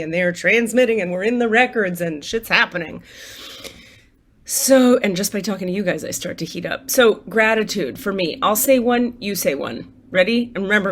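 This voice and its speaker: At home in her apartment, a US-based spiritual coach who also reads tarot addresses her viewers with a medium-pitched, fairly bright voice. Candid and chatty, she guides a gratitude list, swearing without restraint and laughing frequently.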